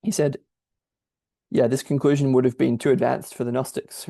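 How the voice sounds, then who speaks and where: A man's voice: medium pitch, level tone, normal speed, vocal fry, pauses often, mellow, no room sound. A man thinking aloud as he explains a difficult text, in a searching, explanatory manner. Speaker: podcast host explaining a text. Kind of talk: exegetical commentary.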